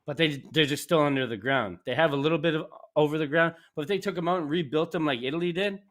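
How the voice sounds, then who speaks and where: A man's voice: fairly high pitch, fast talker. Rambling Canadian man in casual chat. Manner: rambling, animated, laughs often. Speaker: podcast host.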